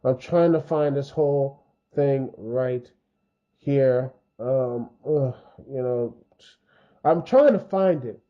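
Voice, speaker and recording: A man's voice: medium pitch, slow pace. Rambling man with a dull lo-fi mic. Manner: rambling, many fillers and restarts; frustrated, heated. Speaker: video commentary host. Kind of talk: unscripted opinion commentary.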